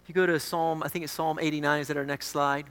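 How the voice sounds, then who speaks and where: Emphatic high-voiced male pastor, reverberant hall. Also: level tone, fast, smooth, faint music behind. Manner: emphatic, swings between loud declarations and quiet asides. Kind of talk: sermon.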